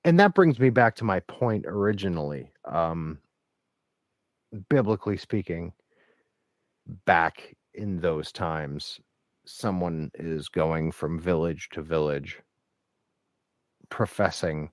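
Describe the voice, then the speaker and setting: Deep-voiced man making a point. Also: slow pace, pauses often, dry recording. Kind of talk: casual conversation.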